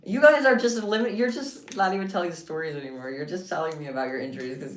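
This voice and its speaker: A woman's voice: lowish voice, fast talker, few pauses. A woman streaming live, chatting casually with her viewers and reacting with playful, dramatic exaggeration. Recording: echoey room, mic at distance, faint hiss.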